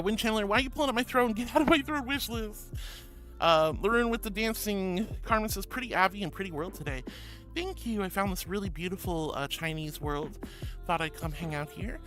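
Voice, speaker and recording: A woman's voice: fairly low pitch, a bit bright. A woman VTuber streamer in casual live-stream chat, playful and affectionate, giggling as she greets viewers and reads their messages aloud.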